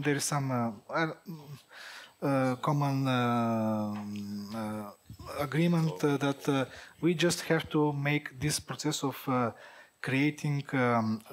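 Halting man answering conference questions. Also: medium pitch. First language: Bulgarian. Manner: halting, many fillers and restarts.

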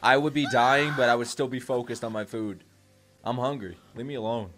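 A young man reacting to an anime episode, excitable and profane, yelling at the characters on screen. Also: medium pitch, brisk. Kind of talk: live anime reaction commentary. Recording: music from the show playing behind.

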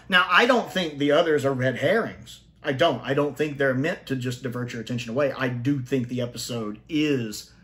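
A man giving a casual spoken review of a TV episode, opinionated and thinking aloud, often restarting and jumping up in pitch to stress a point. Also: a bit bright.

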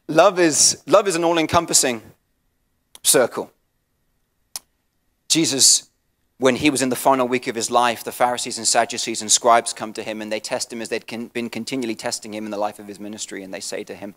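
Man, English accent, pastor, sermon, passionate, dynamic swings in loudness, self-deprecating asides. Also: fairly even intonation, fairly quick, big-room sound. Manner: swings from soft and low to loud and high with passion; restarts and repeats words, self-deprecating asides.

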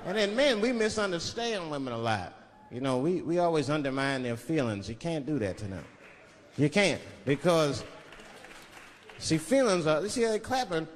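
A man's voice: fairly high pitch, very animated, normal speed, in a large hall, some chatter behind. A male stand-up comedian telling stories on a theatre stage in a loose, profane, conversational manner. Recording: live theatre with audience noise.

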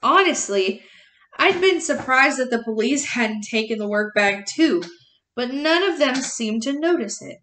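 A woman reading a novel chapter aloud as a teacher, plain and unhurried, correcting herself and adding short explanations. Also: fairly high pitch, lively intonation, a bit bright, a little hiss or hum.

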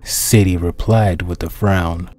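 A man reading his own dark pony fan story aloud as the narrator, in a steady, plain storytelling manner. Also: low-pitched, slow pace, over music.

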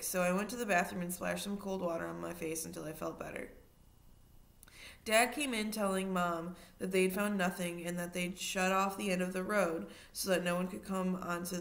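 Woman reading a children's novel aloud. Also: fairly low pitch. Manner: steady narration with asides to listeners. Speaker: reader.

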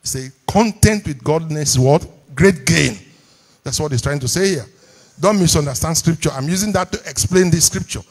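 A man's voice: a little high, moderate pace, husky. A man with a Nigerian English accent, preaching a sermon from a church pulpit, calling on the congregation to repeat lines back to him. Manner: call-and-response preaching, repeats lines for emphasis. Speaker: pastor. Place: church hall.

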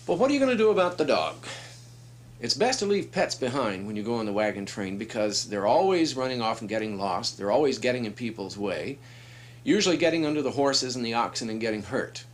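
A man's voice: medium pitch, lively intonation, a little fast. A man gives a casual, friendly introduction to a children's book. He explains things plainly in a mid-range voice. His talk stays conversational, not a performance.

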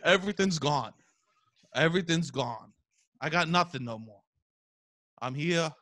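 A man, hosting a podcast in casual chat, loud and profane, telling animated stories. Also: on the high side, a little slow. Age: 30s. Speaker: podcast host.

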